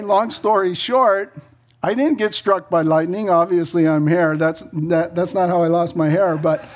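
A middle-aged man preaching a sermon, telling stories with laughs and quick asides before turning to scripture. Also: high voice. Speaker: pastor.

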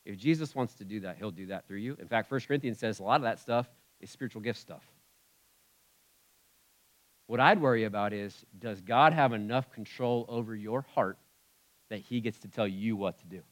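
Animated male pastor preaching. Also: fairly low pitch, normal speed. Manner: animated and conversational, swinging between loud emphasis and quiet asides. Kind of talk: sermon.

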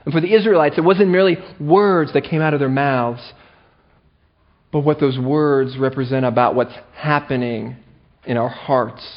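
A male pastor preaching a sermon with animated delivery and playful asides, on a dull lo-fi recording. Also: medium pitch, moderate pace.

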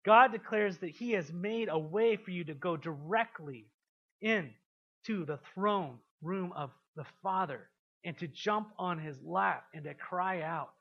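A man preaching a sermon to a congregation. He asks them questions and swings from quiet, intimate passages to loud, emphatic ones. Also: sits high, unhurried, creaky, muffled recording. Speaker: pastor.

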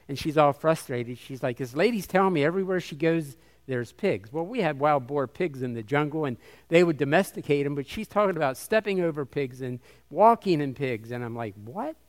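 A man's voice: a little high, fairly quick, clean tone. A man, a missionary, gives a conference talk to a live audience, quizzing them and sounding out syllables like a teacher. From United States. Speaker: missionary speaker.

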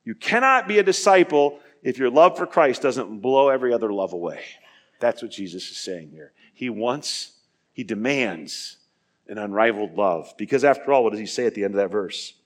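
A man preaching a sermon, earnest, asking his listeners questions and building to emphatic peaks before dropping quiet. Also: medium pitch, expressive, normal speed. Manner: asks the listeners direct questions. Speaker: pastor.

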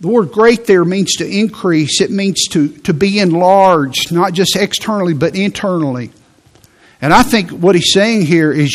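A man preaching a sermon in a conversational way, repeating words and slowing down for emphasis. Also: high-pitched. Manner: conversational preaching with repetitions and slow emphatic phrases. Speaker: pastor.

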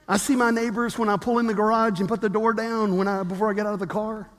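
A pastor in his fifties preaching a sermon with animated storytelling, acting out the quotes he tells. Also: sits high, quick pace, long reverb tail.

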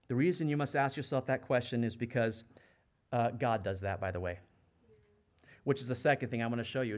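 A man preaching a sermon as a pastor, speaking conversationally and asking the congregation rhetorical questions. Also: medium pitch. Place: church.

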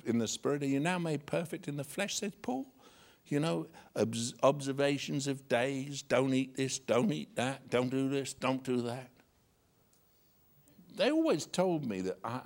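A man's voice: medium pitch, vocal fry. A male pastor preaching a sermon, reading scripture and joking with a chuckle between verses.

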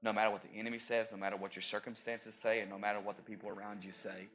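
A man in his thirties preaching a sermon as pastor, rising to loud peaks and dropping into joking asides. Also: lowish voice, little pitch movement, rapid-fire.

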